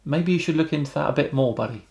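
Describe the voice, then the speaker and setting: A British man hosting a YouTube channel, reading out viewer comments and answering them with wry, deadpan remarks. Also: on the high side, quick pace, creaky. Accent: British English. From Britain.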